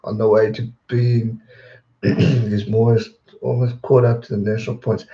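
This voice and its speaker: A man hosting a livestream, casually chatting and answering viewers' questions with a rambling, relaxed manner. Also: medium pitch, normal speed, roomy sound, lo-fi sound. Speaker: livestream host.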